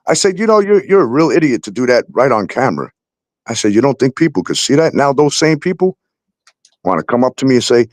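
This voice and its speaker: A man's voice: medium pitch, sing-song, brisk, dry recording. A man hosting a talk show, ranting heatedly and swearing constantly about landlords and the police. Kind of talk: angry profane rant.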